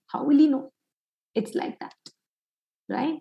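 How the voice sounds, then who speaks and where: A woman's voice: sits high, animated, normal speed, vocal fry, a little mellow, echoey room, lo-fi sound. A woman psychologist giving an online parenting workshop, quizzing listeners with many questions.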